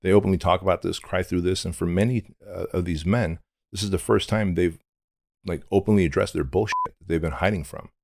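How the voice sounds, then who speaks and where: Guest: middle-aged man from Armenia, deep gravelly voice, blunt and intense, dry close sound. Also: a little fast, no echo. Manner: intense and blunt, casual swearing. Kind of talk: candid storytelling interview.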